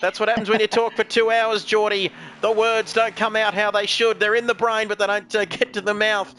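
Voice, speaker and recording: A man's voice: sits high, level tone, fast, a bit bright. A man giving live commentary on a sim race, chatty and jokey, reading out viewer comments as he goes.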